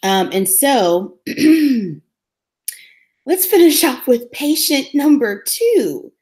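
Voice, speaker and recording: A woman co-hosting a casual podcast, recapping a TV episode and acting out the characters' lines in a lively way. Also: high-pitched, slow pace. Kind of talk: casual chat.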